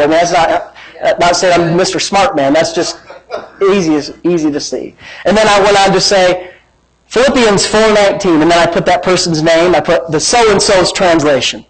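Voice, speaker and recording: A man preaching a sermon as pastor, building to emphatic shouts and joking asides. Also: high voice, normal speed, poor audio.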